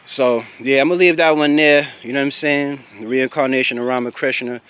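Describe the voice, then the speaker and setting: An American man with a clear, resonant, mid-range voice talks briskly as he tells a personal story to camera. He's loose, casual and profane, often checking in with "you know what I'm saying," and he gets loud and animated when he recalls being angry.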